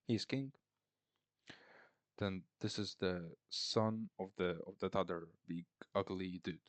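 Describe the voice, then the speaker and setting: A man talks through a film plot at an unhurried, slow pace, his voice sitting a little low. He rambles and mocks the characters with sarcastic asides. The sound is close and dry, with no room around it. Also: fairly even intonation, no echo. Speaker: film reviewer. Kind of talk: casual film recap.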